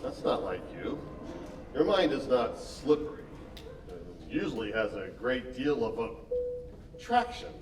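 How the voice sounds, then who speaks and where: An actor playing a dry, oblivious airline pilot who is in love with a married passenger, in a live stage comedy. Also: male voice, mid-range voice, a little slow, long pauses, over music. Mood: deadpan. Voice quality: deadpan, dry delivery. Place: theater stage. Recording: echoey theater stage from far off, faint noise.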